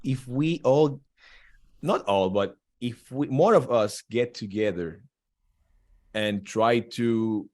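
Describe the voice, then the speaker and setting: A man's voice: medium pitch, slow pace, a little mellow. Earnest man talking about kettlebells. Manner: earnest, restarts phrases as he searches for words. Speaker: podcast guest, kettlebell instructor. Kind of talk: casual podcast chat.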